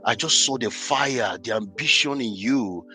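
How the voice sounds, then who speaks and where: A man voicing his elderly landlord, who speaks in a gentle, reassuring way. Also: medium pitch, measured pace, faint music behind, voice pushed down. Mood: kind. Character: elderly male landlord, kindly and generous.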